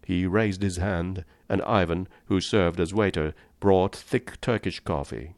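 A man narrating a short story in a measured, understated reading. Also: deep voice, no echo, studio quality.

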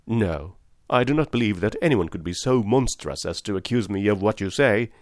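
A man's voice: lowish voice, animated, normal speed, darkish tone, no room sound, clean studio sound, lightly acted. A man voicing a distressed, indignant middle-aged husband who protests and pleads, in an audiobook reading.

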